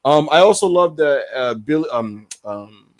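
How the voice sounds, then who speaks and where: A man co-hosting an online talk stream, animated and quick to laugh. His voice sits a little high and swings widely. The sound is dry and close. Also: no room sound. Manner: animated, laughing, swears freely. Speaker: podcast co-host. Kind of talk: casual chat.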